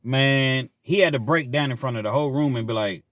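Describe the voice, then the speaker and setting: A middle-aged man casually telling a personal story, laughing often and swinging between loud bursts and quiet asides. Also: mid-range voice, a little fast, no room sound. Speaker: storyteller vlogger.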